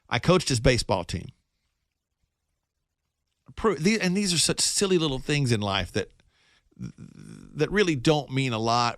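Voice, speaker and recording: Middle-aged radio host telling a story. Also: male voice, medium pitch, no room sound, studio quality. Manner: storytelling, animated and self-joking. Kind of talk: casual monologue.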